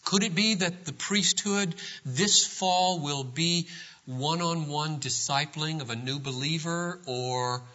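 A male pastor giving a sermon, swinging from quiet, low passages to loud, emphatic preaching. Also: takes it slowly, muffled recording.

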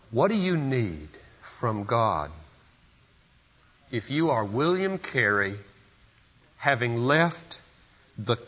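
A man's voice: on the low side, fairly bright tone, in a large hall. Emphatic male preacher, muffled recording. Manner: earnest, emphatic preaching with sudden rises in force. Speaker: pastor. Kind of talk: sermon. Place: church service.

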